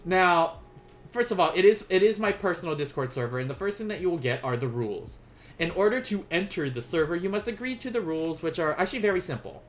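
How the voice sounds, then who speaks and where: A young man runs a relaxed live-stream language lesson in a slightly high, very animated voice. He is playful and chatty, and he laughs at his own jokes. Faint keyboard typing can be heard behind him. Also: quick pace, a little hiss or hum. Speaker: Japanese teacher streaming a lesson.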